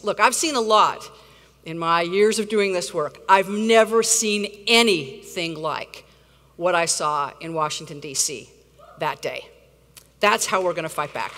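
A woman's voice: mid-range voice, fairly bright tone. A middle-aged woman giving a rousing, blunt conference keynote, swearing for emphasis. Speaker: keynote speaker, activist. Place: large conference hall. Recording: reverberant hall.

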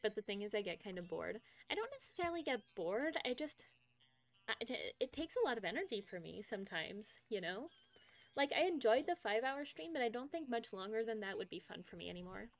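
A woman's voice: fairly high pitch, very animated, a little fast, creaky. A young woman streaming from home, chatting casually with her viewers, laughing often as she reads out their messages. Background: faint game music.

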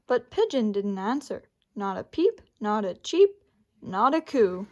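A woman librarian reads a picture book aloud to children, then guides them through a simple craft. Her story-time delivery is gentle and unhurried, yet very animated, with a medium-pitched voice.

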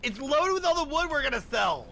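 A man joking and swearing during a casual let's-play with friends, tossing off deadpan asides. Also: extremely high pitch, a little fast, creaky, slight background noise.

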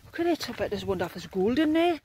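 A jokey woman vlogging into a handheld camera up on the open hills. She talks in an easy, excitable way, with a faint hiss of outdoor noise behind her. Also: on the high side, fast talker, rough recording. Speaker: vlogger, wild camper. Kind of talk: casual outdoor vlog narration.

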